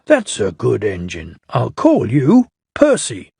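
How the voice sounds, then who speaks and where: A man's voice: medium pitch, huge pitch swings, slow, gravelly, warm tone, breathy edge, no echo, studio quality, full character voice. The Fat Controller, a stern, fussy railway boss, read by a man. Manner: severe but kindly.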